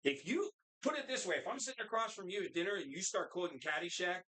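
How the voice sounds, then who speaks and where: Man, casual bar banter, animated pitch, rambling. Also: fast talker. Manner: rambling, quotes movies in put-on voices. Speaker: co-host.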